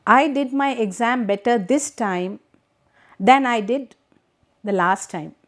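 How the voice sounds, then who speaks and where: A woman's voice: a little high, slow pace. A middle-aged woman with an Indian English accent, teaching a class by reading a text and explaining it patiently, asking rhetorical questions.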